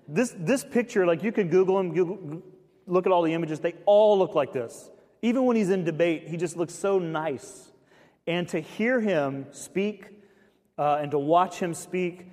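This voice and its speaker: A man delivers a sermon in a relaxed, chatty way, full of fillers and sudden lifts in energy. His voice sits a little high for a man. The sound carries the long reverb of a large church hall. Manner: conversational, animated, many fillers. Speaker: pastor.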